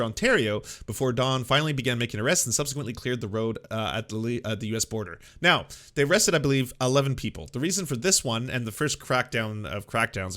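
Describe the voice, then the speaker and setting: Fast-talking sarcastic male commentator. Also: medium pitch. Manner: animated, sarcastic, with mocking quoted voices. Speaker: host. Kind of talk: political commentary.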